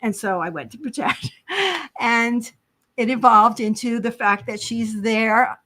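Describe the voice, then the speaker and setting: A woman's voice: a little high, measured pace, pushed and bright. An older retired woman volunteering as a community advocate, chatting eagerly and at length in a talk show interview, often laughing. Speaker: library volunteer advocate guest.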